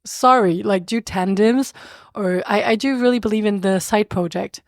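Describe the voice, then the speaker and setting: A woman's voice: mid-range voice, moderate pace, dry recording, studio quality. A young woman with a French accent, a podcast guest chatting casually and animatedly, often laughing and restarting her sentences. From France. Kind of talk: casual conversational interview.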